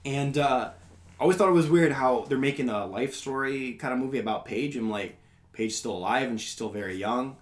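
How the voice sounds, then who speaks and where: A man's voice: mid-range voice, a little fast. Laid-back young man rambling casually. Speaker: podcast host. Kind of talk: casual chat.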